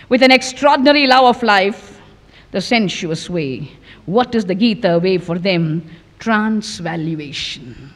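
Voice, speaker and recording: Older woman preaching in a reverberant hall. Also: a little high. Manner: emphatic, with repetitions and dramatic drops to a hush. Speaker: spiritual teacher giving a discourse. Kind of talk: devotional discourse with storytelling.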